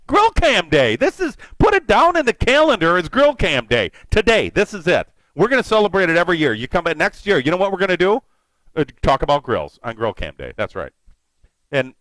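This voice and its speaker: A man's voice: high-pitched, fairly bright tone, dry recording, poor audio. Chatty man hosting a cooking stream. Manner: chatty, rambling, greets viewers by name while cooking. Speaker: live-stream cooking host. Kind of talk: casual live-stream cooking chat.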